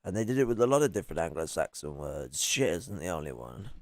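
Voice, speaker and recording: A man's voice: deep voice, big pitch swings, fast, darkish tone, dry recording. A man reacting to a video in casual commentary, mocking, swearing freely and often laughing.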